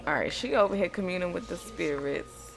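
A gravelly, lowish woman's voice, expressive and a little quick, narrates her life-simulation gameplay in a let's play. The commentary is casual, playful, and slangy, and the game's music runs underneath.

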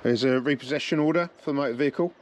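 A man hosting a hidden-camera prank as a fake repo agent, brash and insistent, urging people to calm down. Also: mid-range voice, rapid-fire, slight background noise. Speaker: prank show host posing as repo agent. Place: outdoors on a residential driveway.

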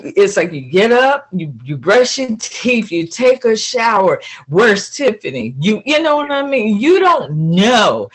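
Woman in her sixties, caller, video call, mid pitch, heartfelt, effusive. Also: big pitch swings, measured pace, husky. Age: 60s. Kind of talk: casual chat on a video call.

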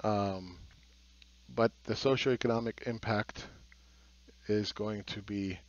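A man's voice: lowish voice, fairly even intonation, takes it slowly, muffled recording. A man giving a blunt market commentary monologue, sarcastic and swearing, who mocks other people's views. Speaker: market analyst.

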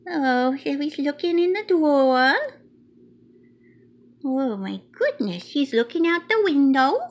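A woman's voice: sits high, exaggerated voice. A woman voicing a cute, chatty little male mouse who reads a picture book aloud in a childlike, playful way with broken grammar. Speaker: storybook reader.

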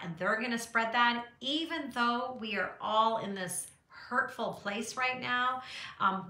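A woman's voice: medium pitch, gravelly, pushed and bright, reverberant. A middle-aged woman hosting a casual live chat from her art studio, gushing and encouraging her viewers, with plenty of fillers along the way. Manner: chatty with frequent fillers.

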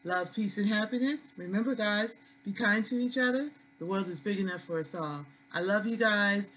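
A woman's voice: mid-range voice, moderate pace, a bit bright, slight background noise, rough recording. A woman with a New York accent, chatting casually to viewers in a product haul vlog, folksy and talkative. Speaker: vlogger.

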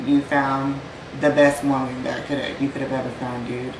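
A woman's voice: very deep voice, flat delivery, moderate pace, roomy sound, distant mic, background noise. Gushing young woman's wedding toast. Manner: gushing, playful, near tears. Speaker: groom's sister giving a wedding toast. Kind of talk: casual emotional toast.

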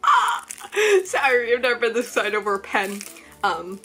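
A young woman chatting excitedly as she unboxes a package at home, rambling with lots of "like" and "um", filmed on a small tripod camera. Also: medium pitch, fairly quick. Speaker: vlogger. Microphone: camera on mini tripod.

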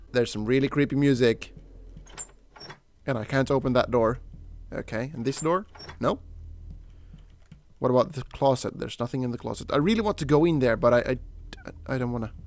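Jumpy gamer man with a lively voice. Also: medium pitch. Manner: jumpy, swears, shouts at the game character. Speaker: gameplay commentator. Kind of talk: casual let's play commentary.

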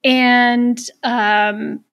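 A woman's voice: on the high side, level tone, extremely slow, gravelly, lo-fi sound. A woman co-hosting a podcast, recapping a horror movie in casual, sarcastic chat and swearing freely. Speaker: podcast co-host.

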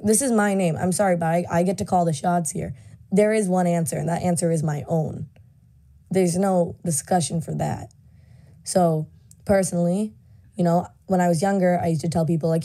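Frank nineteen-year-old woman, very dark voice. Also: lowish voice. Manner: chatty, frank, lots of likes and you knows. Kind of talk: casual voice memo monologue.

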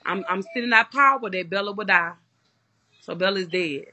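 A woman chatting casually on her vlog, blunt and given to emphatic bursts. Her voice is bright and forceful, and her pitch sits in a middle range. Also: fairly quick, slight background noise. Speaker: vlogger. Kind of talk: casual chat.

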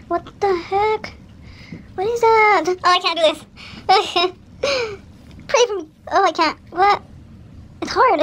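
A woman's voice: very high voice, fairly bright tone. A woman, vlogging to camera and talking to herself in an anxious, exclaiming way. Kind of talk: nervous casual vlog to camera.

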